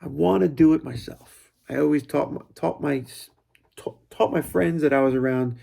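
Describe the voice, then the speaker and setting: A man's voice: mid-range voice, moderate pace, creaky, dark tone, slightly rough. A middle-aged man in a casual, rambling reflective monologue, often breaking off and quoting his own thoughts aloud. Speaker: vlogger.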